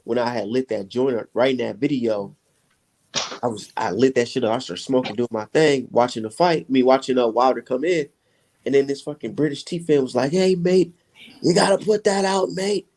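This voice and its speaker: Profane, animated storytelling man. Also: mid-range voice, fairly quick. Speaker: podcast host. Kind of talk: casual chat.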